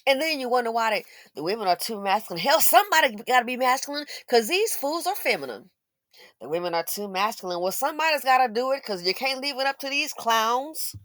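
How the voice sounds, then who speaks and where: A woman's voice: on the high side, big pitch swings, fairly quick, fairly bright tone, dry recording, clean studio sound. A woman giving blunt, sarcastic opinion commentary as a channel host, scolding and mocking as she talks.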